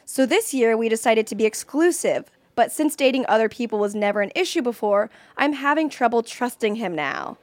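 A woman's voice: a little high, animated, brisk, few pauses, no room sound. A young adult woman co-hosting a casual podcast chat, talking freely with lots of "like" and reading out a listener's question. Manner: chatty, frequent "like", laughs easily. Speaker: co-host.

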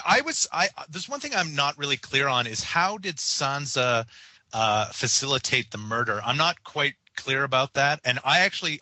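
A man co-hosting a casual TV discussion, chatty and halting, with many fillers and restarts. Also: mid-range voice, sharp tone, no echo, rough recording. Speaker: podcast co-host.

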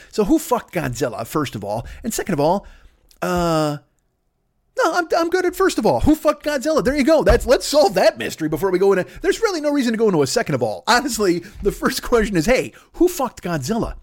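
A man with a fairly high voice riffs on a comedy podcast in a crude, rambling way. He jumps from bit to bit and now and then slips into silly voices. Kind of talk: profane comedic riffing.

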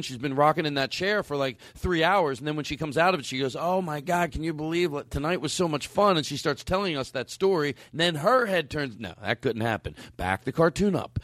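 A man's voice: a little high, fairly bright tone, dry recording, clean studio sound. A man hosting a comedy podcast, improvising a wild, silly story. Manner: playful, spins absurd stories. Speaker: podcast host.

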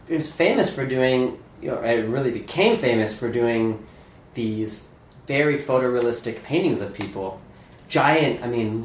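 A man as a podcast guest, talking in a halting, earnest way with frequent restarts. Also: mid-range voice, reverberant, slight background noise, low-quality recording. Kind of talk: casual interview chat.

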